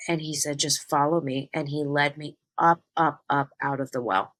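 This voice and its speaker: Low-voiced woman telling a personal story. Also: fairly even intonation, normal speed, a bit bright, low-quality recording. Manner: earnest, addresses listeners directly. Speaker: spiritual medium.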